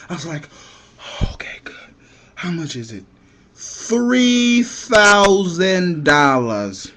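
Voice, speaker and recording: A young man telling a comic story in an excitable way, shouting the punchlines and acting out the other people in it. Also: sits high, a little slow.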